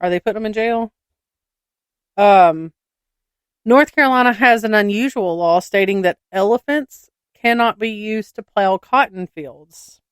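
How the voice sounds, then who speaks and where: A woman's voice: medium pitch, measured pace, clean tone, dry recording, clean studio sound. A woman co-hosting a podcast, telling anecdotes with giggles and reading odd state laws to listeners. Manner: giggly, storytelling, addresses listeners as y'all. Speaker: podcast co-host. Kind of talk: casual podcast chat.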